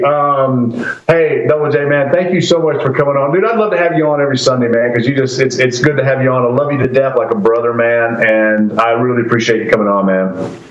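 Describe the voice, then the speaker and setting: A man co-hosting a podcast in casual chat, laid-back and constantly saying "man" and "dude". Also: medium pitch. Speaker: podcast co-host. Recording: echoey, dull lo-fi sound.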